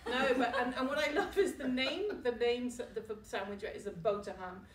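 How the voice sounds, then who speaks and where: At a book launch in a room with a small live audience, a woman with a British accent pokes fun at herself in a comic talk and laughs frequently. Her fairly high voice moves a little fast; the recording is distant and echoey, with slight background noise.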